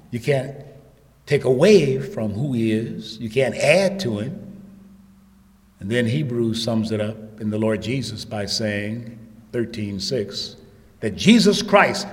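A man preaching a sermon in a repetitive rhetorical cadence, swinging from hushed low passages to loud shouted emphasis. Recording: echoey hall with long reverb.

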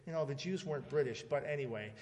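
A man's voice: medium pitch, fast talker, darkish tone. A man teaching a conversational sermon, often asking his audience "right?" and mimicking voices when he quotes. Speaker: Bible teacher. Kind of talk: informal sermon. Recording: long hall reverb.

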